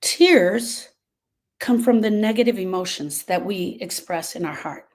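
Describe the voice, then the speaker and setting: A woman's voice: mid-range voice, animated, measured pace. A woman grief coach talking casually to viewers on a live stream, earnest and repeating herself as she drifts off topic.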